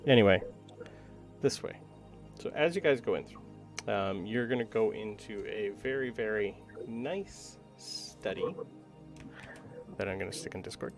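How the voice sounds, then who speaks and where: Low gravelly guy dming a tabletop game, casual, umming a lot. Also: a little slow, faint music behind. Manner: casual, lots of ums, descriptive. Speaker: game master.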